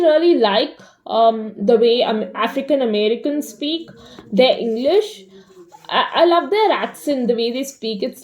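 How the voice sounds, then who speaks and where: A young woman vlogger rambles casually in a diary vlog full of fillers, her delivery swinging between animated and flat. She speaks with a fairly high pitch.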